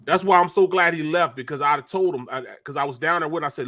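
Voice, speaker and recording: A man's voice: on the high side, quick pace, pushed and bright, dry recording. A man on a video call tells a story in an exasperated, annoyed way. His sound is dry and close, with no room around it. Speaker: show panelist. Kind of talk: casual sports talk.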